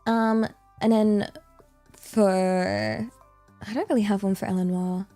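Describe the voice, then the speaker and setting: A woman's voice: medium pitch, fairly even intonation, measured pace, mellow, no room sound, soft background music. A bubbly young woman VTuber chatting casually on a livestream, slipping in Japanese phrases. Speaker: VTuber streamer.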